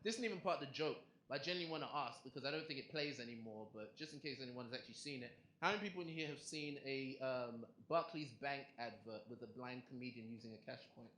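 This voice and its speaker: A young man doing a stand-up comedy set, chatty and animated, asking the crowd questions on a club stage. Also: mid-range voice, fast talker, hardly any pauses. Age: young adult. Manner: conversational, animated punchlines, asks the crowd questions. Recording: echoey club with crowd noise.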